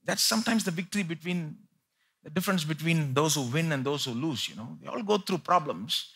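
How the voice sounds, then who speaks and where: A man delivers a live sermon in a bright, forceful voice with a husky edge. He preaches emphatically, jumping from loud pleading peaks to low, confiding asides, and his voice sits a little high for a man. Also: expressive, a little fast. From India. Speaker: pastor. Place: live church service.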